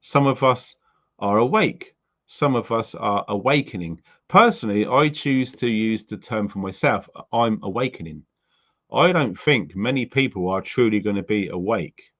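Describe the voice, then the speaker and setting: Medium in pitch and fairly bright, the UK prepping host's voice is recorded with the highs cut off. He's live streaming, delivering a blunt, sweary, heartfelt rant about his beliefs.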